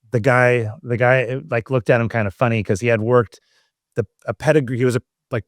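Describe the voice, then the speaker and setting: A man from Southern California hosting a podcast, telling a story in a casual, animated way and acting out quoted lines. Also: mid-range voice, no echo, studio quality. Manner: animated, acts out quoted dialogue. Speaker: podcast host.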